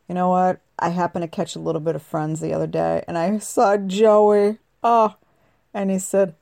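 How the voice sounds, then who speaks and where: A woman's voice: on the low side, normal speed, gravelly, warm tone, dry recording. Middle-aged woman radio host from New England, chatty and laughing a lot, dry close sound. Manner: chatty, laughs often, acts out quoted lines. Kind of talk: casual chat.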